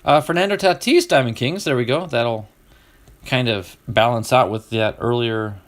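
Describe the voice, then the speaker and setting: A middle-aged man hosting a casual stream, opening card packs and chatting with viewers, getting excited over each card. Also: mid-range voice, normal speed. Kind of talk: casual live-stream chat.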